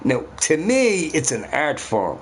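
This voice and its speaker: A man's voice: fairly high pitch, huge pitch swings, slow, slight background noise. A man in a casual ranting monologue who swears a lot and keeps asking his listeners "right?". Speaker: vlogger.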